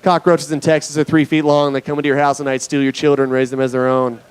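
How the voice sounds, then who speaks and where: Young man doing stand-up, deadpan. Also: a little high, fast talker, clean tone. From Nevada. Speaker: stand-up comedian. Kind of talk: stand-up comedy set. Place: comedy club stage.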